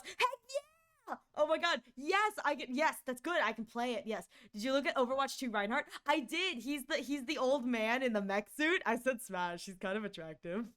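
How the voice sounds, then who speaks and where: A woman's voice: sits high, bright, forceful tone. A woman streamer chatting casually and playfully with her viewers, rambling, giggling and restarting her words.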